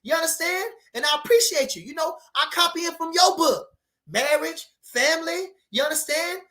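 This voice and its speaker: A man hosting a boxing channel, chatting casually as he reads out viewer comments, with slangy, animated talk and repeated phrases. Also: extremely high pitch, normal speed. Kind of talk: casual livestream chat reading viewer comments.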